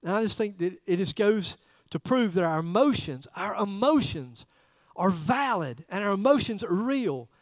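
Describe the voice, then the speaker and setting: Pastor, male, folksy conversational sermon, very high voice, dry close sound. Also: lively intonation, moderate pace, dry recording. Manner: conversational, folksy preaching with direct audience questions. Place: church service.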